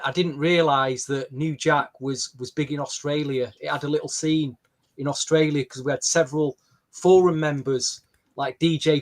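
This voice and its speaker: A man, hosting a podcast and telling a story in an animated, chatty way. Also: fairly high pitch. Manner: animated storytelling with quoted dialogue. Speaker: podcast host. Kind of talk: casual podcast chat.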